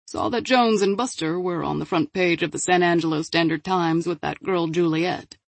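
A woman's voice: on the low side, moderate pace, gravelly, no echo. A woman voicing an older male police dog handler who speaks in a sad, muttering way. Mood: mournful. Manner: mournful, muttering.

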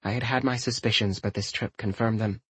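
A man voicing a calm, firm adult woman, a mother in an audiobook, speaking in an even, measured way. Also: on the low side, breathy edge, no echo.

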